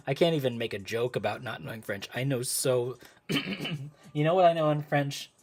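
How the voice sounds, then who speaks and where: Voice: medium pitch, measured pace, darkish tone, husky. A live-stream host chatting casually with viewers while crafting at home, easily sidetracked and laughing often. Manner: talks to live chat. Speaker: livestream host.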